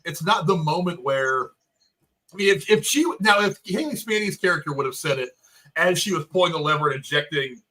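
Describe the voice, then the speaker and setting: A man co-hosting a casual movie review chat, animated and profane, acting out the lines he quotes. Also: fairly high pitch, a little fast. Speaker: podcast co-host.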